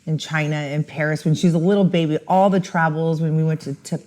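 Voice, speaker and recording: A woman telling a story in a casual, animated way, acting out the voices of the people in it. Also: low-pitched, fast. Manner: animated, mimics voices in her anecdote.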